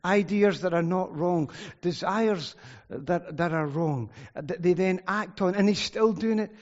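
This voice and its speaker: A man's voice: high-pitched, a little slow, a little mellow. A middle-aged man, preaching a sermon in an earnest, conversational way with frequent "you know" asides. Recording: muffled sound in a reverberant hall.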